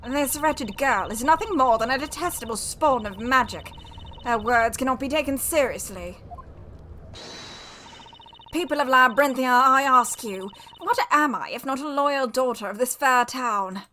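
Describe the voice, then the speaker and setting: A woman's voice: high-pitched, a little slow, pushed and bright, a little hiss or hum. A woman voicing a haughty, scheming noblewoman who speaks imperiously and with scorn. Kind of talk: voicing game dialogue while streaming. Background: game music.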